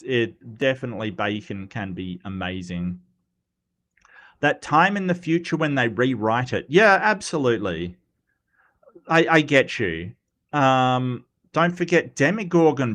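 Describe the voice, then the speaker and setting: A man's voice: mid-range voice, a bit bright. An Australian man hosting a live stream, chatting casually and answering comments with lots of fillers and restarts. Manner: rambling, many fillers and restarts, playful. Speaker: livestream host.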